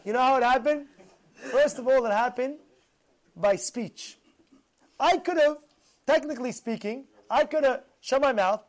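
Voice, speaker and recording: Male Torah teacher, casual sermon; high voice, animated storyteller who hammers points by repetition. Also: measured pace, pauses often. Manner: animated, repeats phrases for emphasis.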